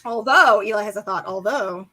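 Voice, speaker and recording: A young woman co-hosting a casual live book discussion, excitable and profane, acting out quotes from the books. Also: medium pitch, moderate pace, low-quality recording. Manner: excited, swears a lot, acts out quotes. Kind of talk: casual live-stream chat.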